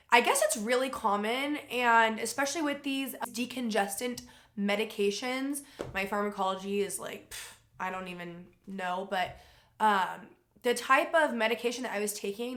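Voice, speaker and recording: A young woman vlogger telling a personal story in a casual, animated way, swearing freely and acting out what other people said. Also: on the high side. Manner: animated, swearing, acts out quoted voices.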